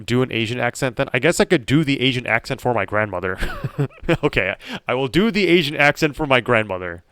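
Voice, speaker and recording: Chatty male streamer, lively pitch. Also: fairly quick, clean tone, dry recording. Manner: laughing, self-deprecating, chatty. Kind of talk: live game stream commentary.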